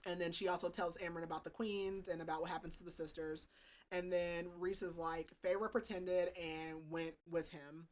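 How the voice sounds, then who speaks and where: A woman's voice: lowish voice, normal speed. Chatty young woman recapping a book. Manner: animated, full of "like" and "um". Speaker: podcast co-host. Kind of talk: casual book recap chat.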